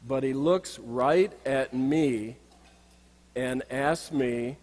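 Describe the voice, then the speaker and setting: A man's voice: medium pitch, very slow, a little mellow. A middle-aged man and executive coach giving a reflective, anecdotal banquet speech while pointing out slides. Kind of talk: storytelling speech. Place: banquet hall. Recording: long reverb of a banquet hall.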